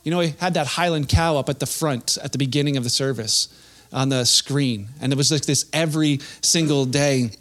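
A man's voice: mid-range voice, fairly quick, a bit bright. A young man preaching a sermon in a casual, conversational way, with playful acted-out asides. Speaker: pastor.

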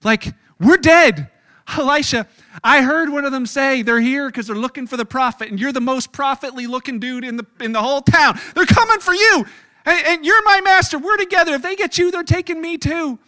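A man's voice: fairly even intonation, fairly quick, pushed and bright. A man playing a panicked young male servant, pleading frantically with his master. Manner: frantic, high-pitched pleading.

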